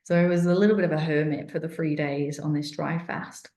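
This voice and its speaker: A woman's voice: sits low, fairly even intonation, a little fast, mellow, echoey room. A middle-aged woman casually recounting a personal experience, chatty and rambling, with many fillers and restarts, sounding thirsty and dry-mouthed. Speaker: wellness vlogger.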